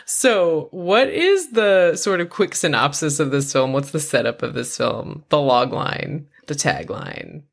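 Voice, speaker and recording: A woman's voice: deep voice, expressive, unhurried, vocal fry, few pauses. A woman co-hosting a film podcast, chatty and laughing at her own jokes. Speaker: podcast co-host. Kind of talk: casual podcast chat about a horror film.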